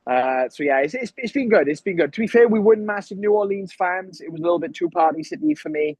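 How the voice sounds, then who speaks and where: Welsh male fighter, casual storyteller, slightly higher pitch, dry close read. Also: very animated, quick pace, vocal fry, a little mellow, husky, dry recording, poor audio. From Wales. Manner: rambling anecdotes with frequent ums. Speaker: guest, professional fighter.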